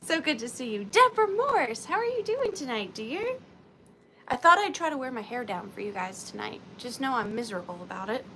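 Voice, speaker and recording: A woman's voice: fairly high pitch, sing-song, fairly quick, pushed and bright, a little hiss or hum. A woman hosting an antique and vintage live sale, chatting casually and greeting viewers by name in a chatty, self-deprecating way.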